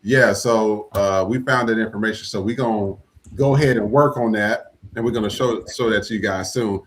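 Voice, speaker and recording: A man hosting a podcast, talking in a blunt, profane, animated rant about politics and culture. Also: on the low side, normal speed, slight background noise. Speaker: podcast host. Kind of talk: casual political chat.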